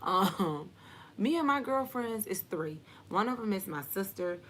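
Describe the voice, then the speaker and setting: A woman's voice: mid-range voice, animated, a little slow, a bit bright, slight background noise. A young adult woman hosting a live question-and-answer stream, talking candidly and casually, full of slang and "like". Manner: candid and chatty, with frequent "like" and slang. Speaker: host of a live Q&A.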